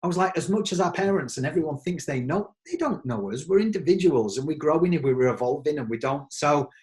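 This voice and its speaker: A man's voice: on the high side, animated, fast talker, darkish tone. A man from England with an English accent hosting a podcast, talking in an enthusiastic, rambling way. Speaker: podcast host. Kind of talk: casual chat.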